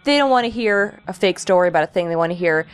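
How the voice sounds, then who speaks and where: A young woman who gives house tours, talking candidly and swearing casually in a relaxed podcast chat, with music faintly behind her. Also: on the low side, fast, clean tone. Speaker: house tour guide.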